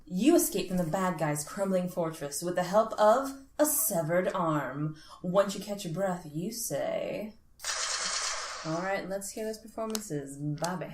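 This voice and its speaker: A woman's voice: on the low side, measured pace, a little mellow. Woman, podcast co-host, playful, laughing, echoey room, faint hiss. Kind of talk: casual game chat.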